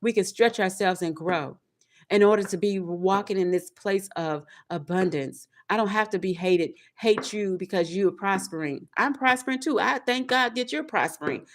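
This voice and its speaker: A woman's voice: mid-range voice, normal speed. Woman tarot reader, preachy affirmations, repeats herself for emphasis. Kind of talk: motivational self-talk monologue.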